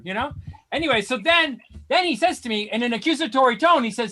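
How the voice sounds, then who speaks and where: High, lively ranting comedian man. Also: quick pace. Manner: exasperated rants, rising to outraged shouts. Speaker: stand-up comedian. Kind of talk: stand-up set over video call.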